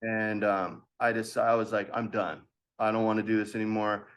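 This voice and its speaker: A man in his thirties, a podcast guest telling an animated story from his past and acting out the voices of others with laughs. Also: fairly low pitch, normal speed, smooth. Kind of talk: storytelling in a casual interview.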